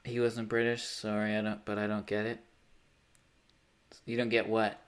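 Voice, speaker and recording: A man's voice: on the low side, monotone, moderate pace. A man chatting casually with his live stream chat while gaming, joking and sarcastic.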